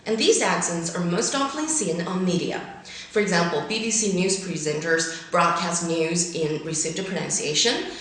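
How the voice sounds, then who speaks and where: A woman presenting an English pronunciation lesson, explaining clearly and reading word pairs carefully, her first language Chinese. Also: medium pitch, fairly bright tone. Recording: very echoey room.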